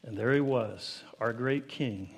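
A man preaching a sermon to his congregation, building to emphatic, higher-pitched peaks and asking them questions directly. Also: slow, breathy edge. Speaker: pastor.

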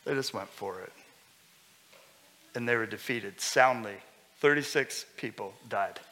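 A man preaching a sermon as pastor, conversational and lively, with sudden loud bursts. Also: medium pitch, a little slow. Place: church hall. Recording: long hall reverb.

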